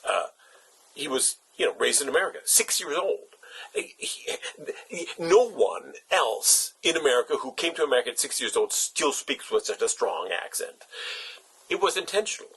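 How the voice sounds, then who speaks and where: A man's voice: fairly high pitch, big pitch swings, moderate pace, a bit bright, husky, rough recording. A man hosting his own channel, giving a reflective spoken essay, thinking aloud with many fillers and restarts. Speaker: channel host.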